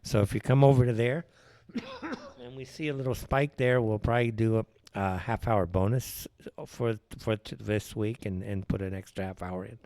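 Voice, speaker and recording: A man's voice: on the low side, steady tone, moderate pace, mellow, no room sound. A man hosting a live political talk show, ranting in an opinionated way and firing off rhetorical questions. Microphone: wears headphones while speaking.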